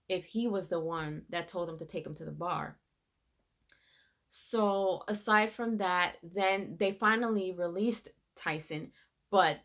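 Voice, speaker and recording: A woman in a casual episode recap, her voice sitting a touch low. She tells the story with animation, slipping into the characters' lines as she retells each scene. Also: fairly bright tone. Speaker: reviewer.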